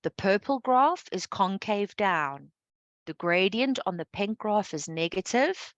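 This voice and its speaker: A woman's voice: mid-range voice, lively intonation, unhurried, dry recording, highs cut off. Patient female maths teacher, dry sound. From South Africa. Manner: patient, checks understanding with frequent "okay". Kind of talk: live online maths lesson.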